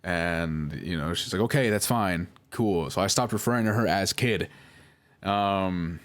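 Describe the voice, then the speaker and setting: A man's voice: low-pitched, measured pace, fairly bright tone. A young man nervously talking through old chat messages, rambling with many fillers and restarts and apologizing over and over. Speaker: video creator reading out chats.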